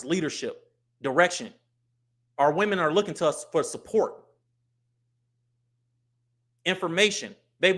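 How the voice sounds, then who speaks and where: A man's voice: a little high, bright, forceful tone. A married man hosting a livestream, giving blunt and emphatic casual commentary and repeating his points. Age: adult, married. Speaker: livestream host.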